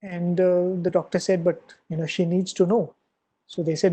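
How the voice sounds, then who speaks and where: Man for an earnest devotional story talk, soft warm tone, unhurried with pauses. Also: high-pitched, flat delivery, rough recording. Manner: earnest storyteller acting out quoted dialogue. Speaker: invited speaker at a devotional gathering.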